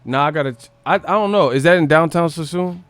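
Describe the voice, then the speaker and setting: A man's voice: on the high side, fast talker, fairly bright tone, no room sound. A young man, hosting a casual live stream and talking in a slangy, profane way. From Northern California. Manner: slangy and profane, mocks with put-on voices and laughter.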